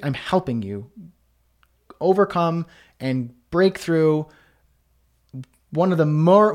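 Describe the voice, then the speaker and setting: A man's voice: fairly high pitch, a little mellow. A man hosting a live online Q&A, reading out viewers' comments and answering in a casual, chatty way with many fillers and restarts. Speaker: host.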